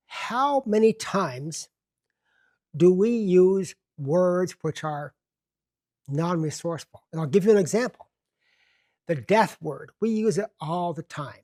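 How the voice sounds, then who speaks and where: A man hosting a self-help television show, teaching in a deliberate, emphatic way and slowing down to stress key words. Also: sits high, darkish tone. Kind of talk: self-help lecture to camera.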